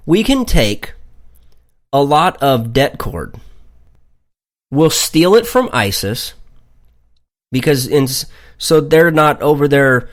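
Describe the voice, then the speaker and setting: Slow-talking male radio host. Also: medium pitch, very animated. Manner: rambling, jokey, with fillers and asides. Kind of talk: casual radio talk.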